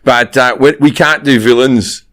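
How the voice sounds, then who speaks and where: A man's voice: medium pitch, fairly even intonation, moderate pace, a bit bright. A middle-aged man with an Australian accent, telling crude stories in casual podcast chat. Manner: profane, rambling storytelling. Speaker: guest comedian.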